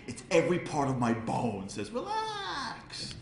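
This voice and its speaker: A man gives a comic storytelling speech at a charity event. He acts out voices and builds to loud peaks. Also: mid-range voice, brisk, echoey room, crowd noise. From Brooklyn, New York.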